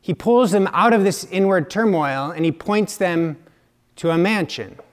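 A male preacher delivers a sermon at a slow, unhurried pace. His voice sits a bit high for a man, and he is reflective, sometimes dropping to quiet asides.

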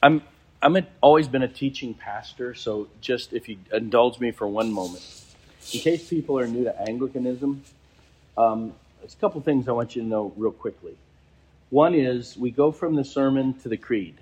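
A man, a bishop, preaching a sermon and telling a story, slowing down for emphasis. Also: medium pitch, dark tone, slightly rough.

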